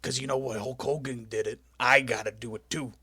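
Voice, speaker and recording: A man impersonating a brash, hyped male wrestler, talking in a raspy growling drawl. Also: medium pitch, steady tone, fairly quick, sharp tone, dry recording, studio quality.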